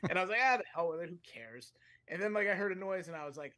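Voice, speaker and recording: A man with a fairly high voice spins a long, loose story on a comedy podcast. He rambles, cuts himself off and chuckles through his own sentences. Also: fast. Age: adult, with a fiance. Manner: rambling, animated, self-interrupting, laughs mid-sentence. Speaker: podcast co-host.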